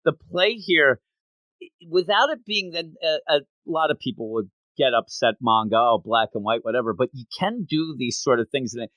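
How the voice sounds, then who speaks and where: A man co-hosting a podcast, chatting casually and acting out quoted lines in quick voices. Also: medium pitch, animated, a bit bright, no room sound. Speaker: podcast co-host. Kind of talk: casual chat recapping a manga chapter.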